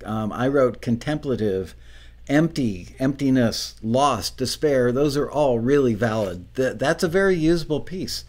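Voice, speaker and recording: A man's voice: mid-range voice, expressive, measured pace, darkish tone. A man hosting a music review show, chatting casually through viewer comments with dry jokes and frequent ums. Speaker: show host reviewing songs.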